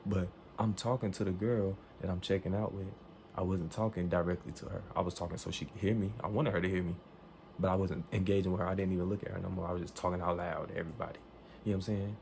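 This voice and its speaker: A man telling a story to the camera in an animated, emphatic way, swearing freely and acting out what people said. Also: low-pitched, fast, gravelly, slight background noise. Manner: profane, emphatic, acts out quoted dialogue.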